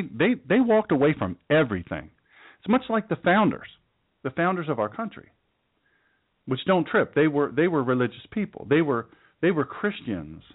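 A man's voice: a little high, no echo. A man giving a casual, folksy Bible teaching as pastor, with joking asides. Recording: dry, tinny phone-like sound.

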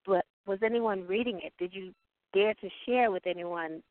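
A woman's voice: medium pitch, moderate pace, no echo. A woman co-host interviewing a guest on a talk show, listening attentively and murmuring agreement. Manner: attentive, with frequent murmured mm-hmms. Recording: tinny phone line.

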